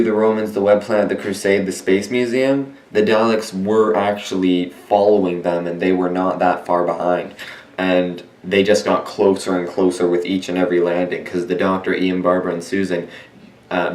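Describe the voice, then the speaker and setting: A young man giving a casual, rambling review monologue, often correcting himself and filling pauses as he talks. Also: deep voice. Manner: rambling, self-correcting, many fillers. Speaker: video reviewer. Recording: roomy echo.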